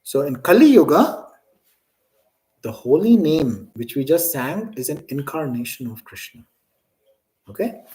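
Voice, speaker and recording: A man's voice: on the high side, big pitch swings, measured pace, long pauses, warm tone, poor audio. A man teaching a scripture class, asking students questions and often checking in with "right?".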